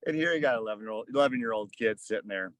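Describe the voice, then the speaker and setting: A man's voice: lowish voice, rapid-fire, no echo. A man in his thirties or forties, a podcast guest, telling a casual story in a rambling way full of "kinda" and "like.". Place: on a fishing boat.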